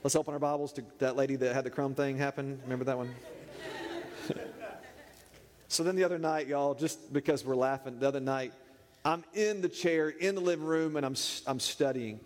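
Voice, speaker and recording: A man preaching, telling a funny story in an animated, playful way. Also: medium pitch, a little fast. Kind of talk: humorous sermon storytelling. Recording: echoey hall reverb.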